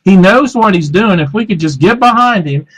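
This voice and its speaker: A man's voice: sits high, lively intonation, moderate pace, fairly bright tone, husky, low-quality recording. A man co-hosting live political talk radio, earnest and insistent, lining up his points. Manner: earnest and insistent, lists points with "you know". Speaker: radio talk show co-host.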